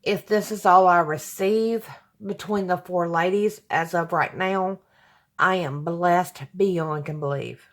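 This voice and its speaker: Woman vlogger, slow and lowish, gushing with heartfelt thanks. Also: fairly even intonation. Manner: gushing, apologetic, emotional, sighs often. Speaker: crafting channel host. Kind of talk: casual chat to camera. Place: home room with hardwood floor.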